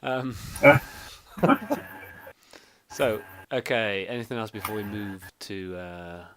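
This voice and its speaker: A man running a tabletop role-playing game as game master, relaxed and joking, often repeating words as he thinks. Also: lowish voice, slow, over a noisy crowd. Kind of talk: casual tabletop game narration.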